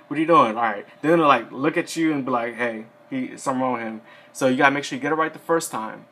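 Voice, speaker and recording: A man's voice: mid-range voice, fairly bright tone. A young man sitting down and talking casually in a rambling, filler-heavy way, sharing advice as an Air Force enlistee. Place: seated indoors.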